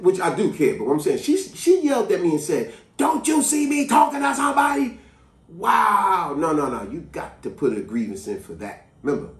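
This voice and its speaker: A man vlogger tells a story in an emphatic, chatty way. His voice rises and falls with feeling and sits a little high for a man. The sound is roomy and distant. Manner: animated, emphatic, conversational. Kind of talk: storytelling to camera. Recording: echoey room, distant mic.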